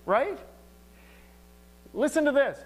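Middle-aged man, very high voice, pastor preaching with humor and little acted-out exchanges. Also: slow pace. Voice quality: animated, humorous storytelling with acted-out dialogue. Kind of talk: sermon.

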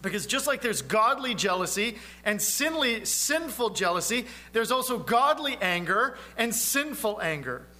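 A man preaching a sermon in an earnest, conversational way, asking his listeners questions and sometimes dropping to a low, quiet voice for emphasis. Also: lively intonation, moderate pace, few pauses. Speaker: pastor.

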